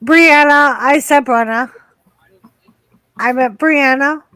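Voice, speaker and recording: Slow, giggly Boston woman, high and dry. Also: a bit bright, no echo. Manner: giggly, teasing, swears casually. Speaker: stream host. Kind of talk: casual watch party chat.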